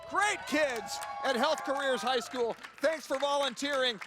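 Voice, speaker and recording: A man's voice: very high voice, unhurried, crowd noise, noisy background. A man hosting a phone-in segment on a live television fundraiser, joking playfully and squawking bird calls between his lines.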